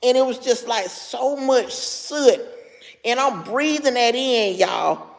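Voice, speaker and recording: A woman's voice: fairly high pitch, takes it slowly, creaky, big-room sound. A middle-aged woman with heavy, labored breathing tells a story to her live chat, stopping now and then to answer viewers by name. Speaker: livestream host.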